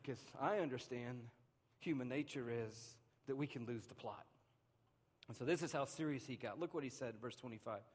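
A man preaching a sermon to his church, animated and swinging between loud and hushed delivery, acting out little voices. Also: on the high side. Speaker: pastor. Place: large church hall. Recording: long hall reverb.

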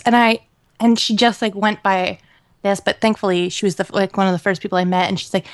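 Woman, podcast co-host, casual chat, animated, rambling, laughs often, mid-pitched voice. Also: fast talker.

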